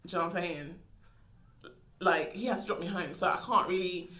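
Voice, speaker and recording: A woman's voice: lowish voice, a little fast, bright, forceful tone. A young woman vlogger telling a story in a casual, dramatic, slangy way. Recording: echoey room.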